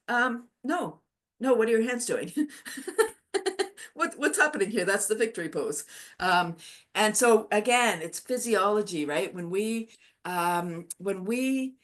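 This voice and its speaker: A woman leading a laughter yoga class over a video call. She talks in an upbeat, chatty way and laughs often while explaining. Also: fairly low pitch. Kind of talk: guided exercise class.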